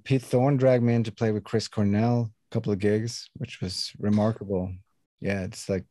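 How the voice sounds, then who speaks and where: A man in his fifties from Sweden with a light Swedish accent, talking in a relaxed, laid-back way as an interview guest. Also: lowish voice, no echo. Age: 50s. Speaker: guest musician. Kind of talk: casual interview chat.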